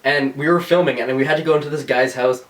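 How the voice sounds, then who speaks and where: A man's voice: medium pitch, quick pace, far from the mic. A man co-hosting a podcast in casual chat, telling stories with lots of swearing and put-on voices. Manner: swears a lot, animated storytelling with voices. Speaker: podcast co-host.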